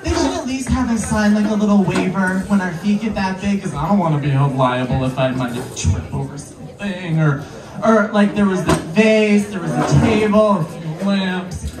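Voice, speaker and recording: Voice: mid-range voice, moderate pace, recorded from a distance, over music. A queer performer doing a stand-up comedy set before a live audience, playful and chatty, riffing with the crowd. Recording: roomy live venue, mic from afar, crowd noise. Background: audience laughing and clapping.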